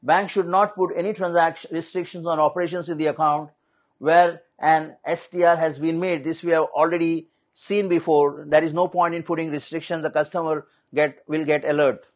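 A man giving a slide-based lecture on banking compliance, measured and explanatory, repeating his key points. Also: fairly high pitch, level tone.

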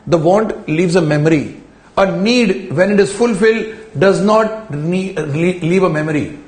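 A man's voice: on the high side, a little mellow, reverberant. A man giving a recorded lecture to camera, explaining ideas with rhetorical questions and repeating key phrases. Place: indoor room, speaking in front of a camera.

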